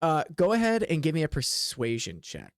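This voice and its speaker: A man's voice: fairly high pitch, wildly swooping pitch, normal speed, no room sound, studio quality. A young man running a tabletop game as game master, narrating in a loose, chatty way with frequent restarts.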